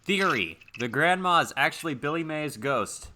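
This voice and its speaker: A young man as game master, narrating a tabletop horror game over voice chat with relaxed fillers. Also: fairly high pitch, moderate pace, noisy background.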